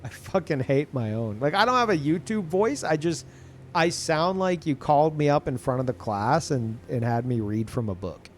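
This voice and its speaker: A man talking casually to his live-stream chat, who calls his own voice monotone. He rambles with many fillers and restarts and swears often. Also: on the high side, moderate pace, a little hiss or hum. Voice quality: self-described monotone.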